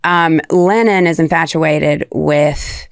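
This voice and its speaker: A woman's voice: low-pitched, slow, vocal fry, dry recording, studio quality. A woman from the American South, a podcast guest, chatting and telling stories with laughing impressions. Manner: chatty, laughing storyteller who mimics voices. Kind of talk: casual interview chat.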